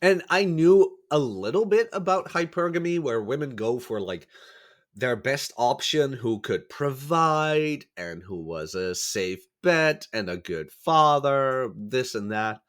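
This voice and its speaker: A man's voice: mid-range voice, sing-song, slow, a bit bright. A man telling stories as a podcast guest in casual chat, rambling and correcting himself as he goes, still getting over a cold. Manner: rambling, self-correcting, acts out quoted voices. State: recovering from a cold.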